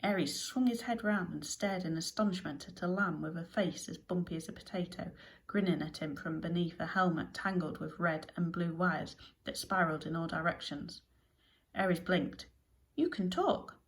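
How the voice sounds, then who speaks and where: A woman narrates a children's adventure story in a somewhat low voice. Her reading is lively and expressive, leaning into the funny and tense parts. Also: normal speed, vocal fry, low-quality recording. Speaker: audiobook narrator.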